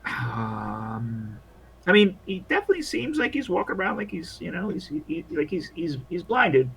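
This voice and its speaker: A man's voice: on the high side, sing-song, gravelly, a bit bright, husky. A man narrating a tabletop role-playing game as game master, rambling and restarting often. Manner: rambling, halting, many restarts.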